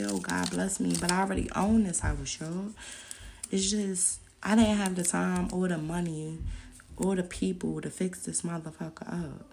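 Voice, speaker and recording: A woman's voice: sits low, creaky, slight background noise. A woman, telling her own stories in a blunt, profane monologue as a podcast host. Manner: blunt, profane, animated storytelling. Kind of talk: casual monologue.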